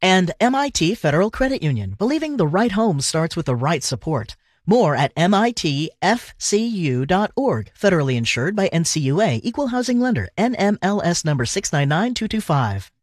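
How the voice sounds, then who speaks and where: Lively dry-voiced male announcer. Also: high voice, no room sound. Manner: smooth, measured announcer read. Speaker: sponsor announcer. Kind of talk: read sponsor credits.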